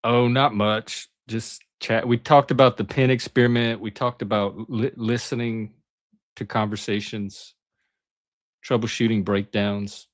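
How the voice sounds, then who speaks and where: A male host chatting on a live stream, teasing and halting with frequent restarts. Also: fairly low pitch, flat delivery, dry recording, clean studio sound. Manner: teasing, hesitant, many restarts. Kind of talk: casual live-stream chat.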